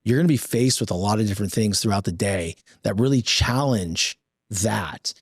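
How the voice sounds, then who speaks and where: A man's voice: fairly low pitch, normal speed, slightly rough, no echo, clean studio sound. A middle-aged man on a podcast, telling a family story with earnest conviction and acting out the dialogue. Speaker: podcast guest. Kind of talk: casual conversation.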